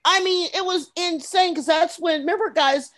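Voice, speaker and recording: A woman co-hosting a podcast, telling convention stories with excitement in casual chat. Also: extremely high pitch, normal speed. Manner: excitable storyteller. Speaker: podcast co-host.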